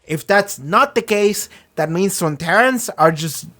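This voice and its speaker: Excitable, foul-mouthed TV show reviewer. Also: medium pitch. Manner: excitable and rambling, swears freely; acts out characters in quick voices. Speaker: reaction channel host. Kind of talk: casual review chat.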